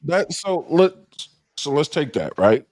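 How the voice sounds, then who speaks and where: A man's voice: a little high, very animated, a little slow, darkish tone, dry recording, studio quality. A man hosting a livestream panel discussion, insistent and lecturing, often cutting others off.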